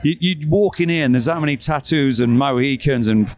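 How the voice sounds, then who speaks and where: A man's voice: mid-range voice, brisk. Man telling stories. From England, East Midlands. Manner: animated, acts out quoted voices, swears freely. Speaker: guest. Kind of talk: anecdotal storytelling. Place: backstage at a rock festival.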